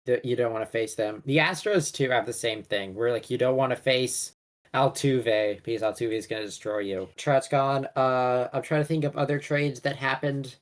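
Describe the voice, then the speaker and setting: A young man in a loose sports podcast chat, voice sitting at an ordinary middle pitch. He rambles along, trips over player names and backtracks to fix himself. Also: steady tone, normal speed. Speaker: co-host.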